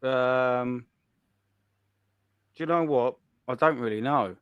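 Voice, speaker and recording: A man's voice: mid-range voice, slow pace, smooth, dry recording, highs cut off. A man, joking crudely in casual banter, tagging lines with "do you know what I mean". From England. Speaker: podcast co-host.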